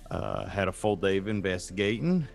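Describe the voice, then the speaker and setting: A man player in a tabletop game, easygoing and measured. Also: on the low side, expressive, creaky. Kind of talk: casual tabletop game play.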